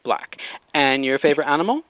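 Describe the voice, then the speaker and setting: A male interviewer with a lively, up-and-down voice, friendly and quick to laugh, stumbling as he starts his questions. The sound is dry and a little dull. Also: a little high, no room sound. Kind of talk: casual interview. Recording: phone-quality interview audio, dry.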